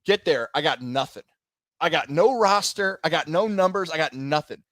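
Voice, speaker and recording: Animated male sports radio co-host. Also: fairly high pitch, normal speed, dry recording. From Central New York. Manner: animated storytelling, acts out quotes. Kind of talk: casual sports talk.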